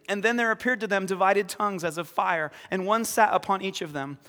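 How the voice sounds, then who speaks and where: A man preaching as pastor in a church, lively, acting out scripture scenes with sudden shouts. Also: high voice. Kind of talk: sermon. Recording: long reverb of a hall.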